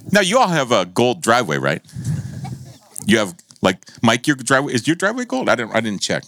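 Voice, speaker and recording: An American man preaching a sermon as pastor, telling a story with laughs and sudden high-pitched exclamations. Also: wildly swooping pitch, normal speed, fairly bright tone, no room sound.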